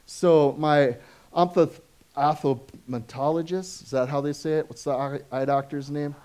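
A pastor with a middle-pitched voice, an adult with children, preaches to his congregation as if chatting with friends, throwing them quick questions and tags. He grows lively telling everyday stories, then goes soft and low for the serious points.

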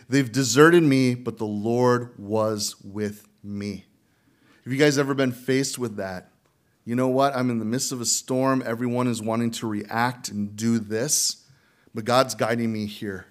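A man preaching as pastor, talking to the congregation in a casual, conversational way and asking them questions. He sometimes acts out panicked figures from the story in a strained high voice. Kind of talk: sermon.

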